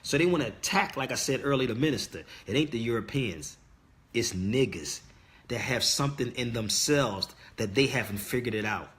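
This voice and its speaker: A man's voice: medium pitch, expressive, normal speed, fairly bright tone. Emphatic middle-aged man preaching to viewers. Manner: emphatic and insistent, repeats key words, talks straight to viewers. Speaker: livestream host. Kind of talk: casual preaching monologue to viewers.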